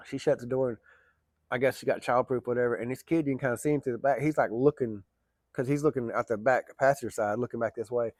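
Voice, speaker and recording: A middle-aged man spins a casual, meandering yarn in a folksy, plainspoken way, circling back and adding asides as he goes. His voice sits at an ordinary pitch, recorded close and dry with no room around it. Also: quick pace, a little mellow, no room sound. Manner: rambling, colloquial, folksy. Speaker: storyteller. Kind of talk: casual spoken storytelling.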